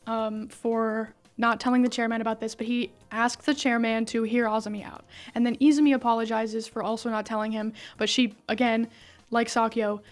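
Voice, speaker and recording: A young woman with a slightly high voice retells a game story in casual, excited chat. She swears freely and slips into quick impressions of the characters. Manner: excited, swears a lot, acts out quotes. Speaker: story recap vlogger.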